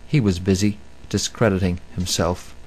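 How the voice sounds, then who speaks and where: A man's voice: low-pitched, steady tone, moderate pace, a little mellow, breathy edge. A man hosting a radio talk show, giving an emphatic, repetitive monologue with many fillers. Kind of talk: monologue commentary.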